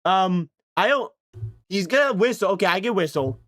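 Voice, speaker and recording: Playful high-voiced male streamer. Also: expressive, moderate pace, noisy background. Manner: playful, chatty, jokes and mock accents. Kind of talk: casual livestream chat, imitating game voice lines.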